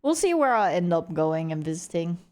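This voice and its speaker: A woman's voice: on the low side, big pitch swings, normal speed, darkish tone. A young woman streamer in casual chat, talking loosely with many fillers and frequent laughter. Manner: chatty, giggly, full of "like" fillers. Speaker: livestreamer.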